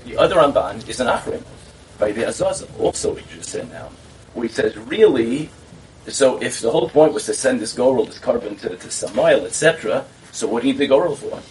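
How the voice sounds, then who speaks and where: A man in a conversation telling a story with lively delivery, acting out the people he quotes. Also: mid-range voice, fairly quick. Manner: animated storyteller who acts out quotes. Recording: distant mic with faint background noise.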